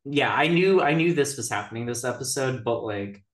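A woman co-hosting a podcast recaps a TV episode in a rumbling low, animated voice at a moderate pace. She's chatty and giggly, saying "like" constantly, and the recording has a roomy echo.

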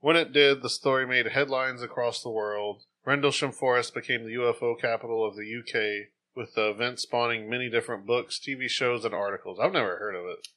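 A man's voice: mid-range voice, brisk, few pauses. A man co-hosting a podcast, chatting casually and retelling a story between frequent laughs. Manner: laughs often, jokey, animated. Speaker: podcast co-host.

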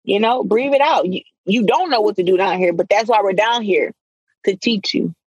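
A young woman with a mid-pitched voice, speaking as an interview guest. She talks bluntly and with energy, and she uses casual slang. Her voice sounds close and dry. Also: normal speed, darkish tone, breathy edge, dry recording, muffled recording. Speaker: guest, professional boxer.

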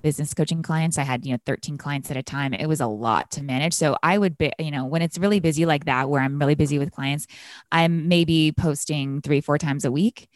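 A woman with a low, grounded voice talks through her day in eager, quick fragments. The sound is dry and close, with no room around it. She speaks casually as a coach on a podcast. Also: no room sound. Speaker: podcast guest, business coach. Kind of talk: casual chat.

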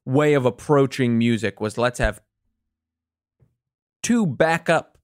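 A man hosting a casual chat, playful and quick to laugh. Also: mid-range voice, a little mellow, no echo, clean studio sound. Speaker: podcast host.

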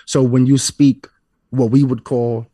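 A man with a New York accent, co-hosting a podcast, explaining his points in a laid-back, drawn-out way. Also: mid-range voice, flat delivery, dark tone, no echo. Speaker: podcast co-host. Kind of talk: casual chat.

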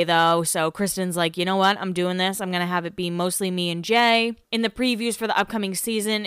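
A young woman hosting a casual solo podcast, rambling and chatty with lots of fillers, her pitch jumping when she gets excited. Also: clear, resonant tone, dry recording, clean studio sound. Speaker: podcast host.

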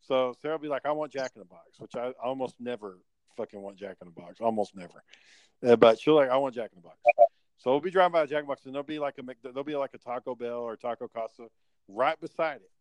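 A man's voice: medium pitch, fast, no room sound, poor audio. A young adult man co-hosting a podcast, telling rambling, profanity-laced stories in casual chat. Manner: profane, rambling, animated storyteller. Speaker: podcast co-host.

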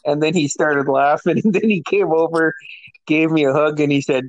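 A man's voice: a little high, fairly even intonation, normal speed, no echo, low-quality recording. A man in his thirties casually telling a profane, laughing story to his sisters. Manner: profane, laughing storyteller who acts out quoted voices. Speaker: older brother telling a story.

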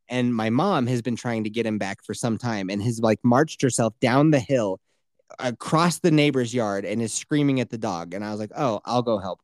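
Young male host, loose profane storyteller, average pitch, dry mic. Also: a little mellow, no echo. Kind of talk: casual chat.

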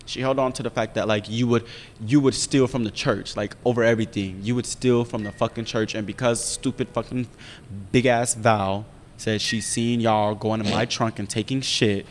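A young man telling a long personal story in casual chat, profane and animated, often checking in with his listener. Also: lowish voice, moderate pace, in a large hall, a little hiss or hum. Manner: profane, animated storytelling with frequent "you feel me". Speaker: podcast storyteller.

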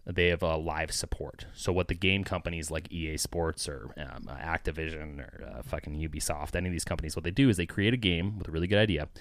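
A man's voice: sits low, dry recording. A man co-hosting a podcast with brash, sarcastic, profane commentary in a studio. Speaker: podcast co-host. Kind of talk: casual comedic commentary.

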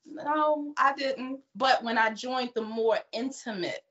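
A woman's voice: high-pitched, slow, lo-fi sound, a little hiss or hum. A woman from Baltimore with a Baltimore accent, chatting candidly as a podcast guest and telling stories. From Baltimore, USA. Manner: candid, animated storytelling. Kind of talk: casual chat.

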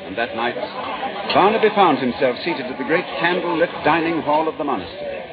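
A man narrating a story in an expressive, lively way. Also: on the high side, fairly quick, a loud crowd. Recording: dull lo-fi with music. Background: music.

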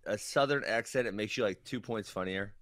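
A man's voice: fairly low pitch, brisk, a bit bright, dry recording, studio quality. A man co-hosting a podcast who tells rambling stories in casual chat, laughing often. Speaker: podcast co-host.

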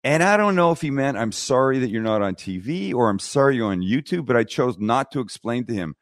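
Clean studio sound with no room sound, captured on a studio microphone in a podcast studio, presents a middle-aged man speaking briskly at medium pitch. A TV and YouTube cooking host appearing as a guest, he's blunt and animated in a casual interview, acting out dialogue as he tells stories.

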